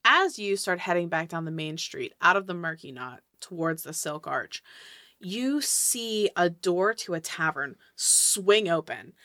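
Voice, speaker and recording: A woman narrating as game master of a tabletop game, telling the scene in a lively, descriptive way. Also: on the low side, measured pace, dry recording, studio quality.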